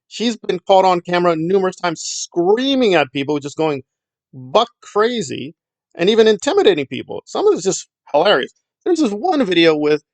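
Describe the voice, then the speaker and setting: A man's voice: high-pitched, no echo. A middle-aged man giving blunt, sarcastic commentary in a rambling vlog. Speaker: YouTube commentator.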